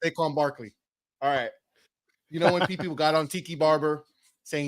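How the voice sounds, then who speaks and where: A man co-hosting a sports podcast, ranting in a joking way and dropping to low mutters. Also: moderate pace. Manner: animated joking rant, drops to mutters. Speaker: podcast co-host. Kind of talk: casual sports chat.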